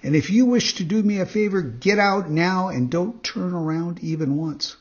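Cheeky, quick-tempered wooden puppet boy, pitched up and husky, as voiced by a male narrator; lo-fi storybook read. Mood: rude. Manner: rude, hot-tempered, quick.

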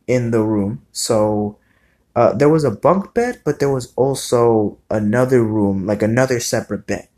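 Young man, vlogger, casual storytime, rambling, profane, filler-heavy, mid-pitched voice. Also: a little mellow.

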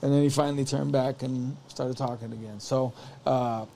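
A man's voice: medium pitch, moderate pace, vocal fry. A man casually telling a long story, rambling and acting out what people said. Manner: rambling, animated, acts out quotes. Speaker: podcast guest telling stories.

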